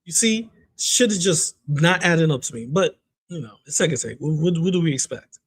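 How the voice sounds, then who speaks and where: A man with a high, light voice runs a commentary on online drama. He talks in a lively, mocking way and keeps breaking into laughter. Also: a little fast, breathy edge. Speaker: commentary host.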